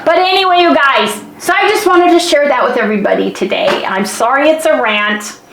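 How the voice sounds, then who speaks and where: A chatty woman talks straight to her viewers in a rambling, animated vlog rant. Her voice sits a little high for a woman. The sound is echoey, as if she is recording in a bare room. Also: brisk, a little hiss or hum. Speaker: vlogger.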